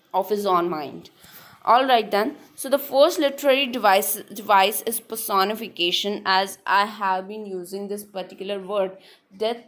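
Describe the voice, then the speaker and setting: Woman teaching a poetry lecture. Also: medium pitch. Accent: Indian English. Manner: explains patiently, repeats points, often says "all right then". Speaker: literature teacher. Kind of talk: online exam-prep lecture.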